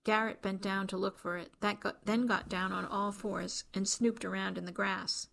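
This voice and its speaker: A woman reading a novel aloud as an audiobook narrator, in even, measured storytelling. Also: medium pitch, vocal fry, a little hiss or hum. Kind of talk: scripted narration.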